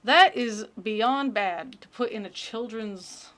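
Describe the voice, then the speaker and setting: A woman gives casual, rambling comedy commentary. She is incredulous and swears freely, and her voice sits fairly high. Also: takes it slowly, fairly bright tone.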